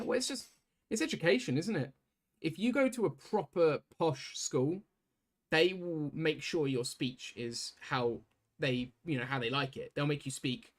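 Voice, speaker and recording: A man's voice: on the high side, animated, measured pace. Rambling young British man streaming a game. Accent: British English. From Britain. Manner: rambling, talks to chat, many restarts. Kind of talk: casual chat while gaming.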